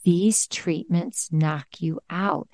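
A woman hosting a video-call conversation, talking in an earnest, encouraging way and gently giving advice. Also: fairly low pitch, fairly even intonation, slow, no echo, clean studio sound. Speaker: host.

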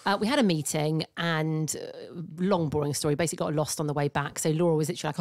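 A woman co-hosting a casual chat podcast, an expressive storyteller who laughs easily. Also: sits low, quick pace, few pauses. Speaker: podcast co-host.

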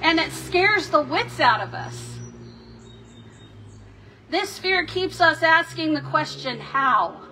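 A woman pastor delivering a sermon in a measured, reflective way, voicing the questions of scripture with drama. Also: extremely high pitch, animated, sharp tone, a little hiss or hum. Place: church sanctuary.

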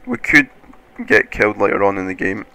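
A man giving casual, excitable game commentary, swearing often and laughing at his own play. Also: lowish voice, a little fast, clear, resonant tone. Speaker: gaming commentator.

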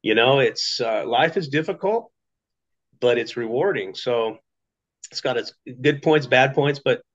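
A man's voice: mid-range voice, animated, a little slow. Chatty man telling his story, lo-fi. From Las Vegas, Nevada. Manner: chatty storytelling with fillers and acted quotes. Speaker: business testimonial speaker. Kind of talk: casual personal story. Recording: dull lo-fi recording.

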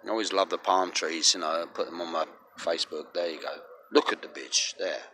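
English man, lowish bright voice, rambling sweary vlog outdoors, faint traffic. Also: fairly quick. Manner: rambling and heavily profane. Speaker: vlogger. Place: outdoors on a street.

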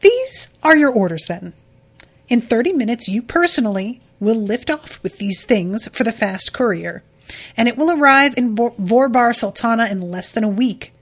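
A woman reading the lines of a stern male military officer giving clipped orders, in her own hoarse voice. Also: a little high, expressive, moderate pace. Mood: commanding.

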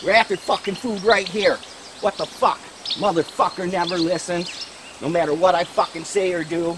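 A man's voice: high voice, steady tone, normal speed, background noise, close to an everyday voice. A man playing a foul-mouthed, short-tempered hunter grumbling in the woods. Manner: profane, grumbling.

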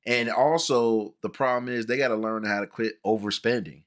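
A man hosting a casual movie review chat, animated, repeating words and acting out the people he quotes. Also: medium pitch, normal speed. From Cincinnati, USA. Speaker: podcast host.

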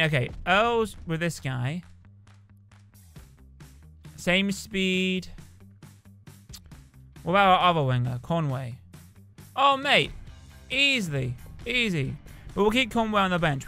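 Young guy talking over his rugby game, bright voice, chatty and excitable. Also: high voice, slow pace, pauses often, smooth, faint music behind. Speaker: gamer playing a rugby video game. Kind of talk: casual gameplay commentary.

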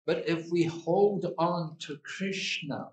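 Slow, deliberate male preacher. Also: fairly high pitch, a little hiss or hum. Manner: slow, deliberate, with repetitions and asides. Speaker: swami giving a talk. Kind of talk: evening sermon. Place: hall at an evening gathering. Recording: echoey hall.

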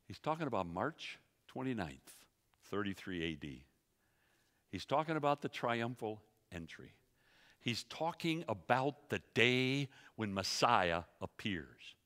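A man teaching a sermon to a church audience, emphatic and quick, asking the room rhetorical questions. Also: lowish voice, expressive, bright, forceful tone, in a large hall. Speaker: Bible teacher. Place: church sanctuary.

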